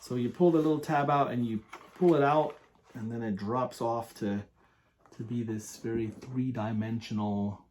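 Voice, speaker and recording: A man reviewing perfumes in a casual, enthusiastic, rambling way, often pausing to read product descriptions aloud. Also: mid-range voice, darkish tone, slight background noise.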